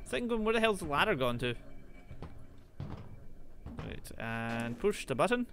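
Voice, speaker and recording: Animated man narrating gameplay. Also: on the high side, a little slow, slight background noise. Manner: chatty, thinking aloud, exclaiming at mishaps. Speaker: gaming video host. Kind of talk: gameplay commentary.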